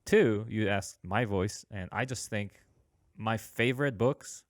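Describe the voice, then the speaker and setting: A man's voice: fairly low pitch, unhurried, no room sound, studio quality. A man hosting a podcast, talking earnestly with many hesitations and frequent laughs. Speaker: podcast host. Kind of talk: casual podcast chat.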